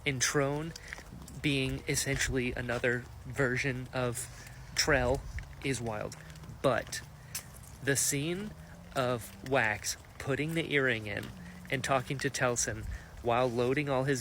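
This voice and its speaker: A man giving a casual, excited reaction recap of a fantasy novel, swearing freely and slipping into quick character voices. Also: medium pitch, slight background noise. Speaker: book reviewer.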